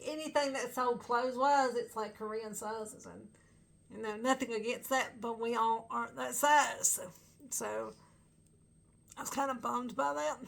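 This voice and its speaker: A woman's voice: a little high, creaky. A woman chatting casually as a fan vlogger, rambling with lots of fillers and bursts of laughter. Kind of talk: casual chat to camera.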